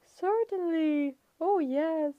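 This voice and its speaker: A woman voicing a nervous satyr boy who puts on a shrill falsetto, fluttering and placating. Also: very slow, dry recording, narrow, tinny audio, heavily acted. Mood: nervous coy. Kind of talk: audiobook character voice.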